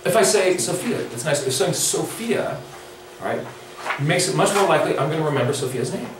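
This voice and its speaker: A middle-aged man leading a drawing workshop, chatting with his audience in a playful, animated way. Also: on the high side, a little fast, noisy background. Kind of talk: live workshop lecture. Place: large echoey lecture room. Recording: echoey hall recording from far off.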